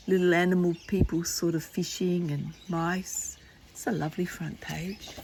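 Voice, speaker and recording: A woman's voice: on the low side, mellow, slight background noise. An older woman reading a children's book aloud, chatty and playful with asides to the listener. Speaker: storyteller.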